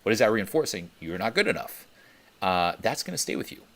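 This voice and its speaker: A young man with a notably deep voice, a dating coach, speaks on a coaching teleconference. He's very animated and a little fast, talking bluntly and emphatically and swearing freely to drive his points home.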